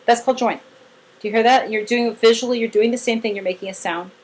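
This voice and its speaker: A woman's voice: fairly high pitch, steady tone, quick pace, darkish tone, slight background noise, rough recording. A woman giving a casual one-on-one training session to a new team member, chatty and demonstrative as she acts out examples.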